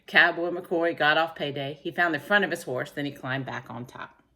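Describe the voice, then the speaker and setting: Low-voiced woman reading a storybook. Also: moderate pace. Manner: expressive, lively reading. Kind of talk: reading a picture book aloud to a child.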